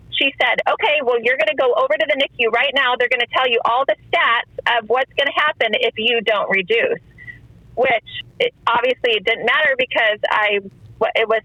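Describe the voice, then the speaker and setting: A middle-aged woman recounts her own story with feeling, slipping into the voices of the people she quotes. Her tone is bright and forward, and the recording is close and dry, with no room sound. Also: a little high, breathy edge, dry recording, lo-fi sound. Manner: emotional storytelling, often quotes others in dialogue. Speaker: guest. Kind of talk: personal testimony in a podcast interview.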